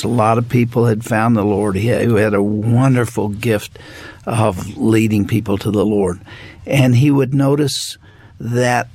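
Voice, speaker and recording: An older man hosting a faith interview, speaking slowly and thoughtfully about his father. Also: fairly low pitch, fairly even intonation, darkish tone. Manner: slow, measured, reflective. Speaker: interview host. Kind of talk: radio interview.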